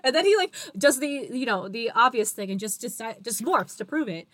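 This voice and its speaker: A woman recaps a book's chapters for a casual podcast over a video call and laughs often. Her pitch swings widely and sits a little high. The recording is dry and close. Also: very animated, brisk, a bit bright, no room sound. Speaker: podcast co-host. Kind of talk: casual chat recapping a book.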